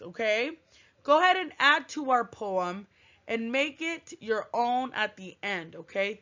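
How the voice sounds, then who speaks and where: A woman teaching a writing lesson to young children, thinking aloud with long hums in a gentle, encouraging way. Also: fairly high pitch. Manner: gentle, encouraging, sing-song classroom delivery. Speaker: first grade teacher. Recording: dull lo-fi recording.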